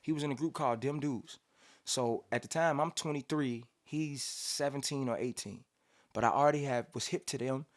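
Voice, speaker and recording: Rapper guy from cincinnati telling stories in a studio, acts out quotes, hums beats, regular pitch. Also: moderate pace. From Cincinnati, USA. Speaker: rapper guest. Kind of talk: casual storytelling interview.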